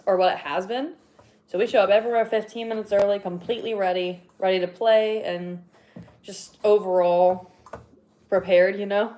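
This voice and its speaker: A woman's voice: mid-range voice, a little mellow. A young woman chatting casually on a livestream while cleaning her horn, rambling with lots of fillers and laughing now and then, a little out of breath. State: slightly out of breath.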